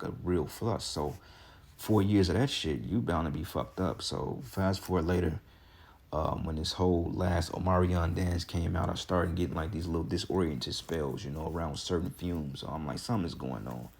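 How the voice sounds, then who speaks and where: A man's voice: deep voice, a little mellow, husky. A man with a congested voice giving casual, heated religious talk, profane and ranting, with scripture readings between. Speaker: religious commentator.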